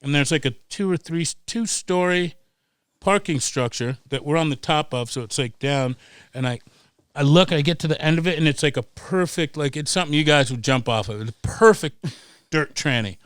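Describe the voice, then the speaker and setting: Middle-aged guy spinning wild stories, swears a lot, smooth clear voice, dry sound. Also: a little high, moderate pace, dry recording. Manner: animated, profane, acts out voices in anecdotes. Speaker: guest, pro snowboarder. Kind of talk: casual storytelling.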